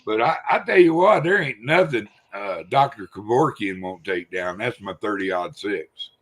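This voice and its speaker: A man's voice: fairly low pitch, animated, normal speed, fairly bright tone. A man telling a hunting story in casual chat, folksy and repetitive. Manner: folksy storyteller, acts out quoted people.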